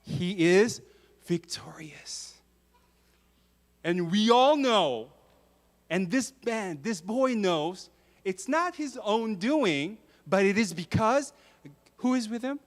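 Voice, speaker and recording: A man gives a children's sermon in church, asking the kids questions as he goes. His voice sits high and swings widely up and down. He speaks slowly and with emphasis. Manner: lively, questions the kids often. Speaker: preacher.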